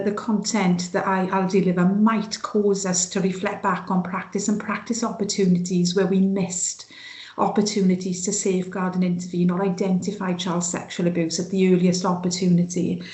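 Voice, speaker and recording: A woman's voice: mid-range voice, mellow, echoey room. A woman with a sing-song Welsh Valleys accent giving an online training talk over a video call, with many fillers and restarts. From Wales.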